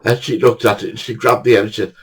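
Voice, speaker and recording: A man's voice: on the low side, fairly even intonation, fast talker, heavy background noise. An older man casually telling a funny true anecdote, chatty and swearing now and then, acting out the dialogue. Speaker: storyteller.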